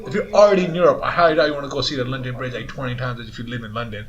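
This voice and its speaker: A man's voice: medium pitch, racing, highs cut off, crowd noise. A young man co-hosting a casual podcast chat, arguing his point insistently and talking over the others. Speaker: podcast co-host.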